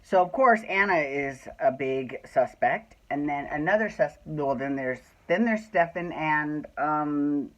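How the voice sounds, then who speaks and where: A woman's voice: low voice, unhurried, few pauses, low-quality recording. A woman hosting a soap opera recap podcast, chatting casually at home, swearing freely and ranting with exasperation. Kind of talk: casual venting chat. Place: at home indoors.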